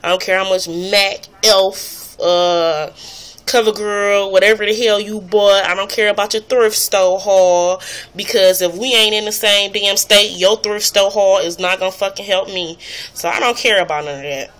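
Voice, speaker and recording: A woman's voice: mid-range voice, fairly even intonation, moderate pace, fairly bright tone. Blunt, profane woman ranting to camera. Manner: blunt, profane, exasperated ranting with mocking impressions. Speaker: vlogger. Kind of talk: casual rant to camera.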